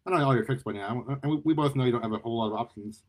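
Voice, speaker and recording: A man's voice: mid-range voice, racing, darkish tone, close to an everyday voice. A man reading aloud and voicing a smug, mocking female super-powered thief in a raised voice. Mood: taunting. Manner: nonchalant, mocking.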